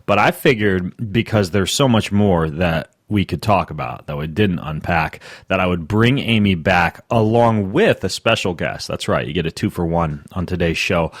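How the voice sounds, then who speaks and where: A man's voice: deep voice, normal speed, few pauses, no echo, studio quality. A man hosting a podcast, talking in a playful, conversational way as he introduces and questions his guests. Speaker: podcast host.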